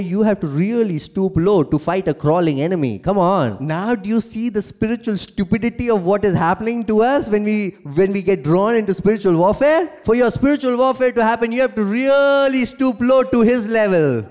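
A man preaching with a fairly high voice, hammering home his points by repeating short phrases in rising waves. He delivers a sermon as pastor, breaking the intensity now and then with playful asides. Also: a little mellow. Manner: jokes and laughs with the congregation.

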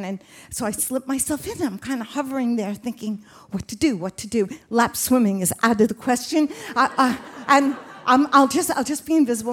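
A woman, telling a personal story on stage in a vivid, expressive way. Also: sits high.

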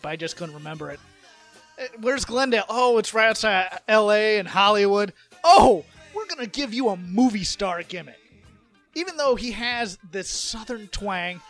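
A man co-hosting a podcast in casual chat, rambling and animated, slipping into mocking impressions. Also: high voice. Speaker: podcast co-host.

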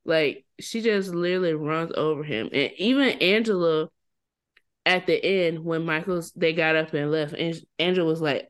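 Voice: mid-range voice, normal speed, fairly bright tone, smooth. A podcast co-host casually recapping events, often laughing mid-sentence.

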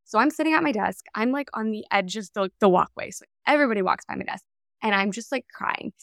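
A woman hosting a podcast, chatty and animated as she tells a story, with lots of "like". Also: mid-range voice, quick pace, gravelly, dry recording, clean studio sound. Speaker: podcast host. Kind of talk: conversational interview.

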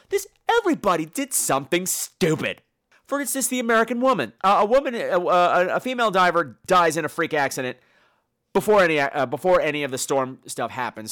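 Campy, high, sing-song man. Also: a bit bright. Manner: campy, sarcastic, snarky. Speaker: podcast host and horror film reviewer. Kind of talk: casual spoken review.

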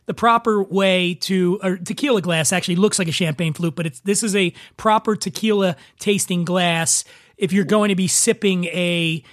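A man's voice: high voice, fairly even intonation, normal speed, a bit bright, dry recording, studio quality. A man with a Philadelphia accent hosting a podcast, chatting casually with a guest over drinks. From Philadelphia, USA. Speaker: podcast host. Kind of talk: casual chat.

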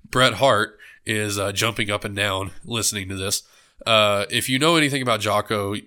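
A man's voice: fairly low pitch, pushed and bright. A man hosting a book club podcast alone, talking casually about a book with a stuffed-up nose, often correcting himself and joking along the way. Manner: rambling, self-correcting, joking. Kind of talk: casual solo podcast commentary.

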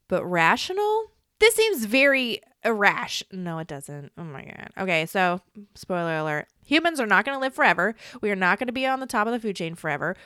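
A woman's voice: medium pitch, bright, forceful tone, smooth, dry recording, studio quality. A woman hosting a casual podcast, reading answers aloud and reacting with curses, laughs and mock alarm. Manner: bursts of quick talk. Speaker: podcast host.

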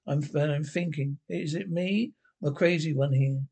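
A man's voice: on the high side, moderate pace, vocal fry, a little mellow, husky. An actor playing a grumbling older pensioner in a TV sitcom, blunt and sweary in banter with his pals. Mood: gossipy. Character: grumbling older Glasgow pensioner, nosy and sharp. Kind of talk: TV sitcom acting.

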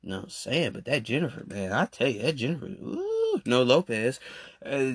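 A man's voice: mid-range voice, moderate pace, husky, no room sound, clean studio sound. A young adult man, hosting a solo podcast and ranting animatedly about friends who did him wrong. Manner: animated, repetitive, calling people out. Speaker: podcast host.

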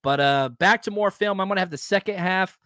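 A man hosting a casual sports podcast, his voice sitting a little high for a man. He rants with heat and some profanity, swinging from loud bursts down to quiet muttered asides. The sound is dry and close, with no room around it. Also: fairly quick, clear, resonant tone, no echo. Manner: heated, profane, swings between loud outbursts and low asides. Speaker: podcast host.

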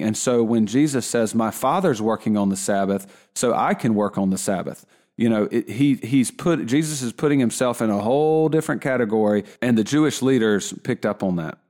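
A man giving a relaxed Bible lesson in a conversational way, often restarting his sentences. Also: medium pitch. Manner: conversational, with frequent restarts and fillers. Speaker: Bible teacher.

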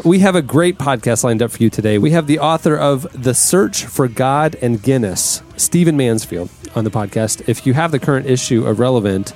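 A man hosting a podcast, chatting casually with his crew, upbeat and quick to laugh. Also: mid-range voice, darkish tone. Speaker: podcast host. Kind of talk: casual chat.

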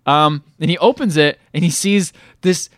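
A man's voice: on the high side, moderate pace, no room sound, clean studio sound. A young man co-hosting a podcast, casually recapping a movie, swearing freely and acting out the characters in goofy voices. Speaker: podcast co-host.

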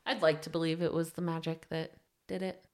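A young adult woman co-hosting a book club podcast, chatting casually with relaxed, dry, brief replies. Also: low voice, a little fast. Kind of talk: casual chat.

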